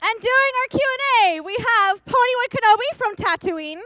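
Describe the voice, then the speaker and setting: A woman's voice: very high-pitched, animated, normal speed, pushed and bright. A woman moderating a convention panel, introducing guests in a giggly, loose way. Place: large convention hall.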